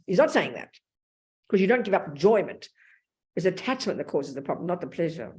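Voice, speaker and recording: An older Australian woman giving a Buddhist teaching in a blunt, lively and colloquial way. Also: fairly low pitch, brisk. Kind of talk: Dharma talk.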